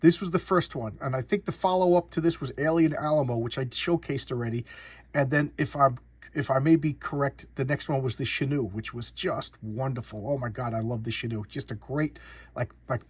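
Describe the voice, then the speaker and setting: A man's voice: mid-range voice, fairly quick, slightly rough, no room sound. A man doing a casual comic book showcase, rambling and often repeating and restarting words.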